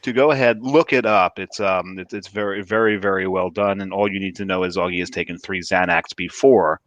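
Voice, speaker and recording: A low-voiced man co-hosting a casual podcast. He teases the guest with wry jokes and cuts in to steer the conversation. His voice sounds close and dry. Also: steady tone, fairly quick, fairly bright tone, no echo. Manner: wry, teasing, interrupts to redirect. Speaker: podcast co-host. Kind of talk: casual chat.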